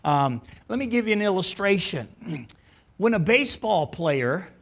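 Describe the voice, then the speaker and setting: High-voiced man preaching a sermon. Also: sing-song, measured pace. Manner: teaching, with restarts and rhetorical checks. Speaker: pastor.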